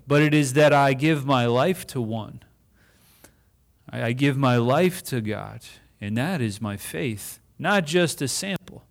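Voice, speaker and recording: A man preaching a sermon in a conversational way, asking the congregation questions and voicing imagined speakers. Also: medium pitch.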